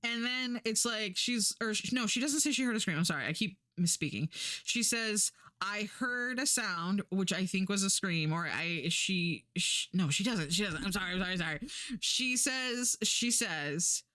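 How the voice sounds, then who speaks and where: A woman's voice: mid-range voice, normal speed, bright, forceful tone, no room sound. Woman on stream just rambling and cussing, dry close sound, mid voice. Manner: rambling, swears a lot, acts out quotes. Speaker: Twitch streamer. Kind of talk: casual stream chat.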